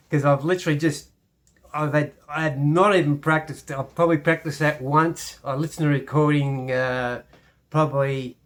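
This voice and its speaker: A man with an Irish accent teaching a casual piano lesson, chatty and self-deprecating, with many restarts. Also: on the high side. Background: piano playing.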